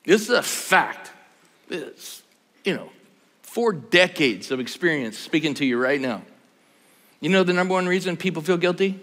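Older male pastor, bright forceful voice, animated humorous storytelling, long hall reverb. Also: a little high, moderate pace. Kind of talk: conference sermon. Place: large conference hall.

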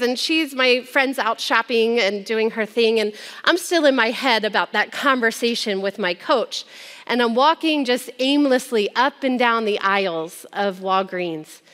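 Brief: woman speaker, slightly high voice, heartfelt testimony, long hall reverb. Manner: earnest storytelling, dropping soft at heavy moments. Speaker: speaker sharing a personal testimony. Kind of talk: personal testimony to an audience.

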